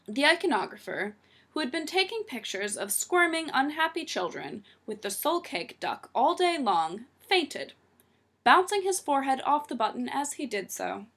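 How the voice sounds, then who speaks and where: Woman narrator, storybook reading, fairly high voice, very animated. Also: moderate pace.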